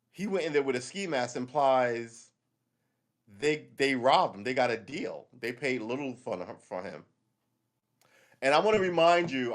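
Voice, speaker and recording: A man ranting on a livestream in a loose, rambling monologue. He speaks bluntly and swears freely, at a middle pitch for a man. His talk stays casual and unscripted. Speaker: livestream host.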